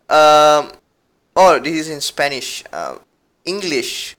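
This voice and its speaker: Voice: mid-range voice, animated, very slow, long pauses, fairly bright tone. A podcast co-host chatting casually, giggling and rambling while reading aloud. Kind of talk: casual chat.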